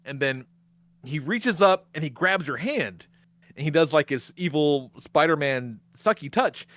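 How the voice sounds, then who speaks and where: A man's voice: on the high side, animated, a little slow, a bit bright, no room sound. A man hosting a podcast, retelling a movie's plot in casual chat, swearing often and laughing along the way. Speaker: podcast host.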